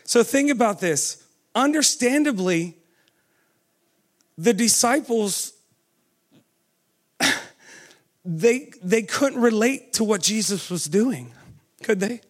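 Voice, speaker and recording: A man with a high voice and lively intonation preaches, frequently asking his audience questions and pressing them with "come on." He moves between fast runs and slow, drawn-out phrasing.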